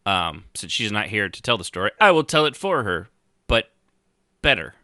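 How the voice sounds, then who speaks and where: A man's voice: lowish voice, sing-song, normal speed, bright, forceful tone, dry recording, studio quality. A man co-hosting a podcast, chatting casually with sarcastic jokes and rambling restarts. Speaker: podcast co-host.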